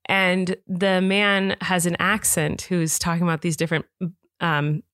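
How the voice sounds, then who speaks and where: A woman in her thirties co-hosting a podcast, chatting casually and telling stories in an animated way. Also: on the low side, clear, resonant tone, no echo, clean studio sound. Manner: chatty, animated storytelling with quick laughs. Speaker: podcast co-host. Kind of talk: casual chat.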